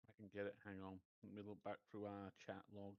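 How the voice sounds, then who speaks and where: A man's voice: lowish voice, monotone, a little fast, dull audio. A man co-hosting a game stream, casually and helpfully walking his partner through setup steps. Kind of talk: casual gameplay chat.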